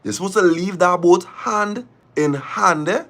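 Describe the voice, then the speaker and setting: On a live stream, a man with a Trinidadian accent chats casually in a high voice, a little slowly. He's lively, repeating his phrases as he urges viewers to press like.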